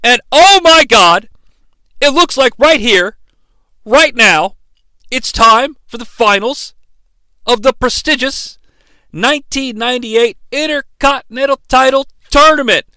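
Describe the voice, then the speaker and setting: A male podcast host recapping a wrestling broadcast in an animated, irreverent way, bursting into shouted impressions. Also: very high voice, unhurried, clean tone, no echo.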